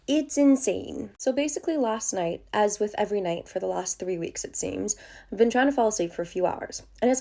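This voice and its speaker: A young woman coach telling a personal story to camera in a casual, excited way, with lots of fillers and some swearing. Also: mid-range voice. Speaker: creative expansion coach.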